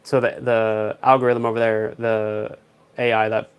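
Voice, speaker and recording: A man's voice: on the low side, little pitch movement, measured pace, clear, resonant tone. A young man, chatting on a casual livestream, rambling through stories with dry, joking asides. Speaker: live streamer.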